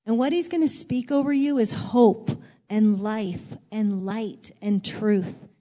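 A woman's voice: medium pitch, slow pace, warm tone, big-room sound. A woman preaching a sermon in an earnest, conversational way, rising to emphatic exhortation.

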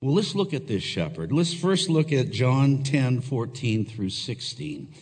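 A male pastor delivering a sermon in a church, earnest and emphatic, leaning on rhetorical questions. His voice sits at an everyday middle pitch. It carries a long reverb, as in a large hall. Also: animated, unhurried, darkish tone.

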